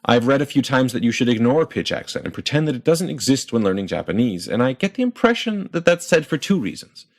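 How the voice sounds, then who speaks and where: A man explaining pronunciation in a clear, methodical lesson and sounding out example words. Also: mid-range voice, big pitch swings, fast talker, few pauses. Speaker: language teacher.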